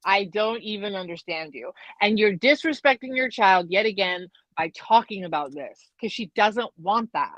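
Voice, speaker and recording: A woman's voice: mid-range voice, big pitch swings, a bit bright, no room sound, low-quality recording. A woman guest on a live show, indignantly picking apart a reality TV scene in casual chat, with lots of "like". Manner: indignant, fast-talking, lots of "like".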